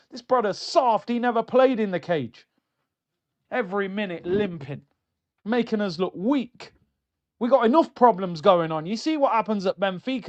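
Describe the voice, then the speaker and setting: High-voiced man ranting about football. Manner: animated, mocking, slangy. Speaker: football fan channel host. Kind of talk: ranting fan commentary. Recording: dull lo-fi sound.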